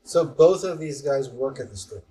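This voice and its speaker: A man's voice: mid-range voice, lively intonation, moderate pace, warm tone, distant mic, poor audio. A man co-hosting a casual podcast who reacts and asks short questions. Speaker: podcast co-host. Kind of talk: casual chat.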